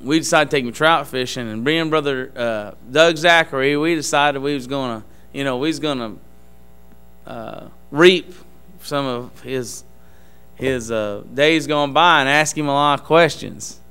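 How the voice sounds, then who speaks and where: A man giving an earnest testimony in a church service, speaking in a halting, emphatic preaching style. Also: mid-range voice, fairly bright tone, clear, resonant tone.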